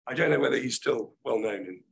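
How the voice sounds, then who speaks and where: Older man, croaky gravelly voice, mid pitch, keynote lecture, thoughtful, restarts sentences. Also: animated, fast, fairly bright tone, rough recording. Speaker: keynote speaker. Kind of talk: academic lecture.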